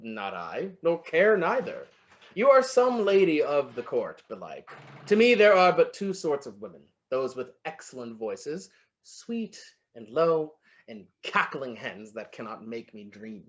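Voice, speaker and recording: An actor playing a flattering, lovestruck poet in an amateur online stage play, savoring each word and muttering to himself. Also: medium pitch, unhurried, dull audio. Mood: wooing. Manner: florid, wooing, savoring words, muttering to himself. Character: lovestruck, flattering William Shakespeare, a playful poet.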